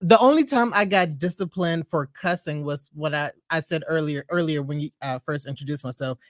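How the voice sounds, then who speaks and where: A man's voice: fairly high pitch, brisk, dry recording. Co-host, laid-back man, blunt and plain, dry close mic. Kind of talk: casual chat.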